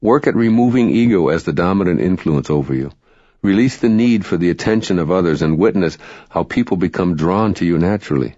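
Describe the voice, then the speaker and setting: Low-voiced calm male self-help narrator. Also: dry recording. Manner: calm, measured, instructive. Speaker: audiobook narrator. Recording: dry, dull lo-fi recording.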